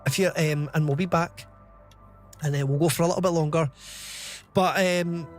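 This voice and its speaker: A man with a fairly high voice chats on a game live stream, drifting from topic to topic and laughing often. Soft game music plays faintly under his voice. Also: fairly even intonation, normal speed. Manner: rambling, chatty, laughs often. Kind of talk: casual live-stream chat.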